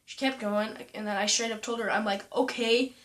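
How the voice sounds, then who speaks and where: A young woman vlogging casually, retelling a story with lots of "like" and quoting people in a higher voice. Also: fairly even intonation, brisk, fairly bright tone. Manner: chatty, full of "like" and "I'm like", quoting others in a higher voice.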